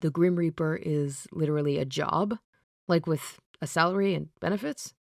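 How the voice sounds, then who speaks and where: A woman voicing a calm, reassuring young man who helps a friend. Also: low voice, moderate pace, gravelly, no room sound, studio quality.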